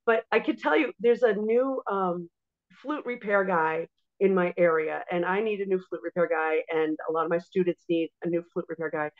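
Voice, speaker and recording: A woman guest in a casual interview, telling stories in a lively way and acting out what others say. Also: lowish voice, normal speed. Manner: animated storyteller, acts out quotes. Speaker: guest, music teacher and entrepreneur. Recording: dull lo-fi audio.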